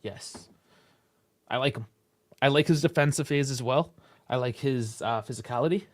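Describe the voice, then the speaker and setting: A man from Toronto with a Canadian accent, co-hosting a casual call-in sports podcast, blunt and quick to swear. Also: mid-range voice. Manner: blunt, swears freely, heats up fast. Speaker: co-host.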